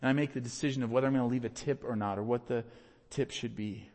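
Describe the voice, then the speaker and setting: A man preaching a sermon as a pastor, earnest, rising to emphatic peaks and then dropping low and quiet. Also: steady tone, fast. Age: adult with young children. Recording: reverberant hall.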